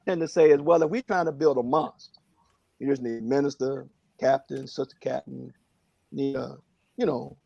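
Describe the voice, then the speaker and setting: A man speaking earnestly and reflectively on a phone prayer line, in a halting way with many fillers. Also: on the high side, gravelly, darkish tone, dry recording, lo-fi sound.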